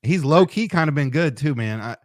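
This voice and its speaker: A man's voice: fairly high pitch, expressive, fairly quick, no room sound, studio quality. A man co-hosting a casual sports betting chat, laid-back and explaining at length.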